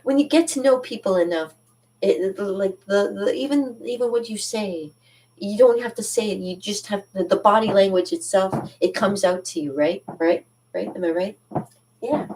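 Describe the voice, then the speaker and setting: A woman's voice: mid-range voice, normal speed, a little mellow, far from the mic, low-quality recording. A Canadian woman hosting a cartooning channel, chatting to viewers in a rambling, sidetracked way and laughing often. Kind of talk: casual chat to viewers.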